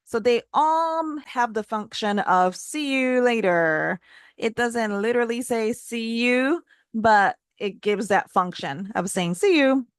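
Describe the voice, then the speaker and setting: Woman teacher, casual lesson delivery, bouncy pitch on examples, dry close sound. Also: slow pace, smooth, dry recording. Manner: models phrases with lively pitch jumps, laughs lightly. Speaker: Japanese language teacher.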